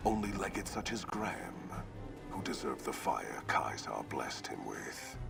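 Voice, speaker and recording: An actor playing a brutal, menacing warlord in a video game, speaking in a gravelly half-whisper. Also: male voice, rumbling low, very animated, unhurried, exaggerated voice. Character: brutal masked male warlord, menacing, older. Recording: game audio under music.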